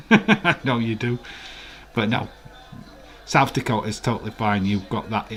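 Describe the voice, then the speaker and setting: Man, Yorkshire accent, slightly low voice, casual live-stream chat, teasing and argumentative. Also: expressive, measured pace, fairly bright tone. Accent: Yorkshire English. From West Yorkshire, England. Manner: playfully argumentative, chuckling.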